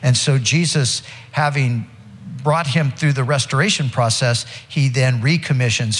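Male pastor, mid-pitched, conversational sermon delivery with restarts, long hall reverb. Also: normal speed. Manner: expository preaching with frequent restarts and fillers.

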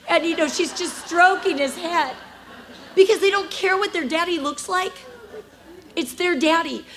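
A woman in her fifties giving a conversational sermon at church, telling emotional stories with lively swings from hushed to animated. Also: high voice, low-quality recording. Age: 50s. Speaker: speaker at a church.

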